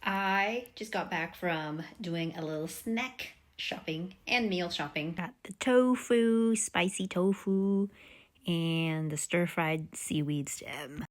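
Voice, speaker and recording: Young adult woman, student vlogger; relaxed rambling chat between bites, a little low-voiced. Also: takes it slowly, a little hiss or hum. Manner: chatty, rambling, snacking while talking. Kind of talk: casual vlog chat.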